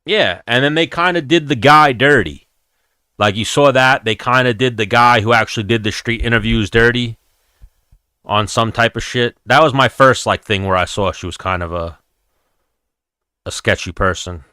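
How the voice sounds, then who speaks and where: A man's voice: mid-range voice, normal speed, pushed and bright, clear, resonant tone, no echo, clean studio sound. A young man hosting a livestream, chatting loosely and rambling with a lot of profanity. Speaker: livestream host. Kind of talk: casual chat with live chat.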